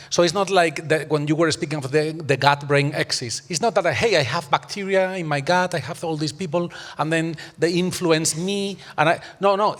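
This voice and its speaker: Emphatic man arguing in a reverberant hall. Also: a little high. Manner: emphatic, argumentative, uses rhetorical questions. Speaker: panel discussant. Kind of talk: academic panel discussion.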